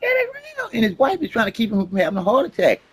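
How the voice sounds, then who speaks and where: Animated man telling a story casually. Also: very high voice, fast talker, low-quality recording. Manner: animated, repeats words, swears freely.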